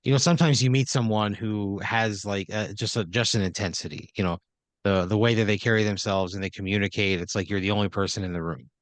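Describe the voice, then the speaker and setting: A man's voice: on the low side, steady tone, fast, no echo. A man hosting a comedy podcast, narrating an improvised scenario in second person with lots of fillers and restarts. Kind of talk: improvised storytelling.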